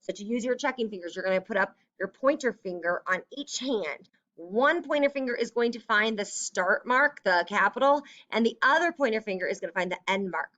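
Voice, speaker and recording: A woman's voice: mid-range voice, expressive, a little fast, fairly bright tone, dull audio. A woman teacher giving a remote lesson to young children, explaining step by step in a patient, upbeat way.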